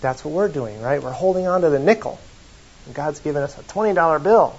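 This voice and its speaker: A man's voice: on the high side, expressive, fairly quick, a little mellow, breathy edge. A man preaching a sermon in a folksy, conversational way, often reading quotations aloud, in a slightly muffled recording.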